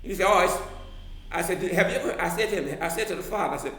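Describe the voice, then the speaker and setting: A man who teaches drama telling a personal story, halting and repeating words as he goes. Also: sits high, fairly bright tone, roomy sound. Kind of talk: anecdotal storytelling.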